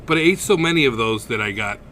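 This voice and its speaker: A man's voice: mid-range voice, quick pace, slight background noise. A man co-hosting a podcast, telling a story in casual chat, full of swearing and laughter. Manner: profane, animated storytelling with laughs. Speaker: podcast co-host.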